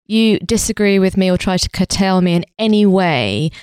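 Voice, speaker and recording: A woman's voice: medium pitch, expressive, moderate pace, darkish tone, clean tone, no room sound. A woman hosting a casual comedy podcast, hesitant with many restarts. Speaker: podcast host.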